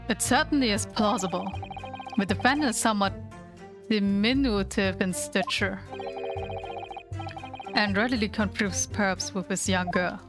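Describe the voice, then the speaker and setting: A woman's voice: medium pitch, normal speed, long pauses, natural voice. A woman voicing a stern older male judge who speaks in formal, commanding court language over game music.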